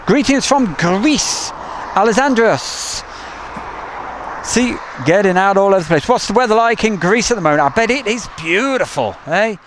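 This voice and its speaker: A chatty man with an East Midlands accent, rambling easily through a live outdoor stream at night. His voice sits a touch high, and faint outdoor sounds with passing vehicles hum behind him on a camcorder mic. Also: animated, normal speed. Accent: East Midlands English. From England. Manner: chatty, rambling, reads out viewer messages. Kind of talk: casual live commentary. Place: outdoors near an airport at night.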